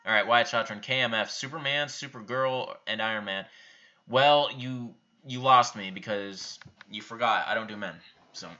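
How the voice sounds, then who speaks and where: A man's voice: medium pitch, moderate pace, pushed and bright, dull audio. A young man hosting a live viewer Q&A, reading out questions and answering them offhand and bluntly in a casual chat. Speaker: YouTube channel host answering viewer questions.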